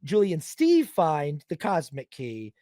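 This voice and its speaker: A man hosting a casual film podcast, animated and often acting out characters in silly quoted voices. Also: a little high, measured pace, dry recording, studio quality. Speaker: podcast host.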